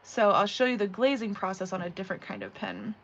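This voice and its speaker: A woman runs a casual live craft tutorial from her home, chatting and rambling with plenty of "you know" and "like." Her medium-pitched voice is fairly bright with vocal fry, and she talks briskly. The audio is slightly dull, with a faint hum in the background.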